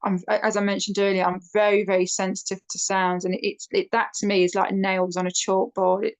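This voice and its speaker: A woman's voice: medium pitch, a little fast. Chatty woman telling a story. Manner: chatty, animated when quoting others. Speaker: guest. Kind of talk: casual storytelling interview.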